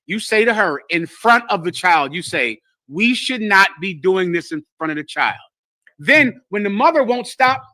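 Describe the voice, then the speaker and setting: A man's voice: high voice, bright, forceful tone, no echo. A man teaching scripture to a group, lecturing emphatically and acting out the voices he quotes. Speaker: religious teacher.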